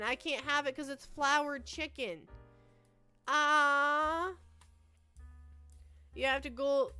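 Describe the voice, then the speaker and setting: A woman's voice: high voice, bright, forceful tone. A young woman streaming, chatting casually and rambling, often stammering and repeating herself, squealing with delight when she thanks her viewers. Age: young adult. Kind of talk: casual livestream chat.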